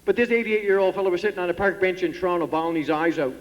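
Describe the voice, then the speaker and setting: A man's voice: sits high, racing. A man telling folksy, self-deprecating jokes about old age to a live audience from a theatre stage. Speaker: comedian entertaining at a pageant. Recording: dull, muffled hall recording with long reverb.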